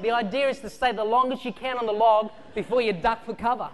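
A man preaching a sermon, telling childhood stories with animated energy, shouts and laughter. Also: sits high, moderate pace. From Australia. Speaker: pastor. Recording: long hall reverb.

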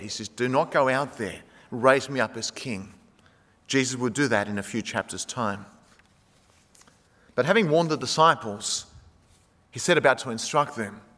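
Animated preacher in a reverberant hall. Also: male voice, mid-range voice. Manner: animated, acts out quoted speech. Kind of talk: sermon.

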